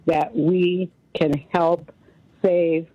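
A woman's voice: lowish voice, little pitch movement, drawn-out words, breathy edge, no echo. A woman in her seventies calling in to a radio show, friendly and rambling. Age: 70s. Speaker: caller. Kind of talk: radio call-in. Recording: muffled phone line.

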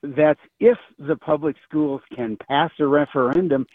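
An older retired man calls in to a radio talk show over a tinny phone line, ranting sarcastically and stumbling through many restarts. His voice is a little high and a little slow, with no echo.

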